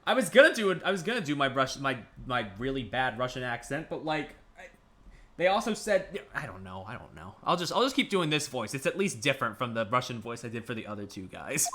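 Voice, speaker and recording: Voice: medium pitch, very animated, quick pace, bright, forceful tone. A streamer chatting casually between game lines, laughing and swearing freely. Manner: laughing, profane asides. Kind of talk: casual let's-play commentary.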